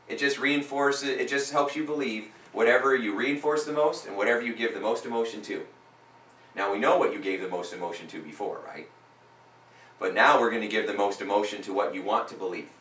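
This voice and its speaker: An emphatic man coaches a client live, leaning on repeated lines that build in force. His voice is bright and forward. It sounds roomy, picked up from a mic set a little way off. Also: medium pitch, brisk, distant mic.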